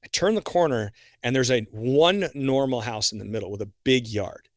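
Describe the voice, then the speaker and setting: Brief: young man, podcast guest, lively storyteller, mid-pitched, dry close sound. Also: normal speed, no room sound. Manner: animated, acts out his own reactions. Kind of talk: casual storytelling.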